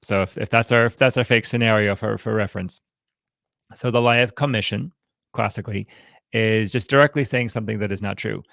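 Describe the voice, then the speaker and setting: A man with a fairly low, gravelly voice gives an informal teaching talk to a counseling group. He speaks haltingly, often restarting and repeating words as he feels his way through each point. The sound is close and dry, with no room echo. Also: steady tone, fairly bright tone. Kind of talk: informal teaching talk with role-played examples.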